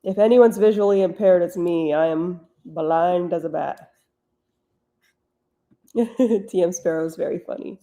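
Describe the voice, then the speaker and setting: Wry woman with a gravelly, mellow voice. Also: lowish voice, a little slow, pauses often. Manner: blunt, wry and direct. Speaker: author hosting a writing stream. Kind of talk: casual live-stream chat answering questions.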